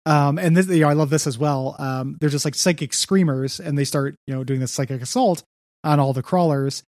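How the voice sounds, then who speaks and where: A man's voice: a little high, brisk, a little mellow, no room sound, clean studio sound. A young man co-hosting a podcast, rambling through a comics recap with lots of fillers. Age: young adult. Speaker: podcast co-host. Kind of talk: casual comics discussion.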